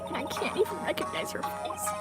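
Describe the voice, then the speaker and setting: A woman's voice: brisk, loud music behind the voice, lightly acted. A woman voicing an earnest, emotional young woman who stammers while reading a game aloud. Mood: shaken.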